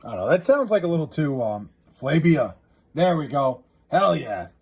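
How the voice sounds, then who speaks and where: A man livestreaming from his house, casually chatting and reading out viewer comments, loose and profane, drawling joke names slowly. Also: fairly high pitch, very animated, creaky, darkish tone, husky. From New York area.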